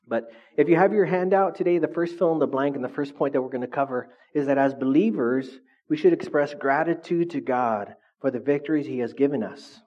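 A pastor giving a sermon in a conversational way, often checking in with "right?". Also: male voice, mid-range voice, muffled recording. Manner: conversational, frequent "right?" tags.

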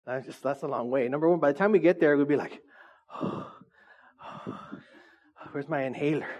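A man's voice: fairly high pitch, fast talker, a little mellow, highs cut off. A man preaching a casual, joking sermon, teasing his audience and asking them questions.

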